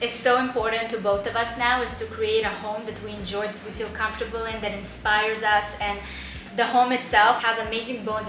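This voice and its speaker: A woman vlogger eagerly telling a story in casual chat, with bursts of enthusiasm. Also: medium pitch. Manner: excitable, animated, quick bursts of enthusiasm. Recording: roomy echo, faint background hiss.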